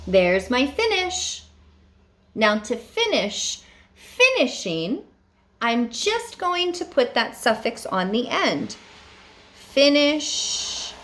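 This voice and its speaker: A woman teaching first graders in a remote phonics lesson, slow and encouraging, with a sing-song teacher delivery. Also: a little high, big pitch swings, fairly bright tone, slight background noise.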